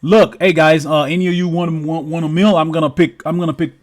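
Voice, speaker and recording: A man's voice: a little high, little pitch movement, a little fast, lightly acted. A man voicing a predatory male hunter who talks in an offhand, easygoing way while being bloodthirsty.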